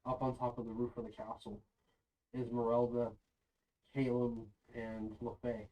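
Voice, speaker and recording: A man narrating a tabletop game as its game master, his voice mid-pitched and set a little back from the microphone. He tells the action in a loose, casual way, full of ums and "kind of". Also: flat delivery, unhurried, muffled recording. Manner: loose, filler-heavy narration. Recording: voice a bit far from the mic.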